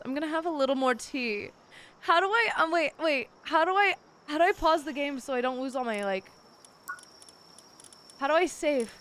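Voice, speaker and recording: High-voiced sick woman streaming a game. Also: fairly bright tone, slight background noise. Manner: playful, swears a lot, calls viewers darlings. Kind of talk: casual gaming stream chat.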